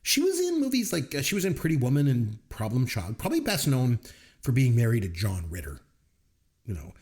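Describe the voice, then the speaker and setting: A man co-hosting a casual movie podcast, his voice rising and falling in a lively, animated way. He tells stories about scenes, acts out the lines and laughs often. His voice sits at an ordinary middle pitch. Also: brisk. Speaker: podcast co-host. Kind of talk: casual movie review chat.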